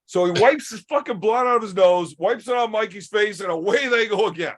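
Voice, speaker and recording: A man hosting a podcast, telling a story in a casual, profane and animated way. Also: high voice, a little fast. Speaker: podcast host.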